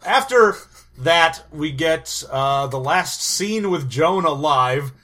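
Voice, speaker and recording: A man's voice: fairly high pitch, animated, slow pace, bright, forceful tone. A man co-hosting a casual movie podcast, trading dry wisecracks and mock outbursts. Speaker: podcast co-host.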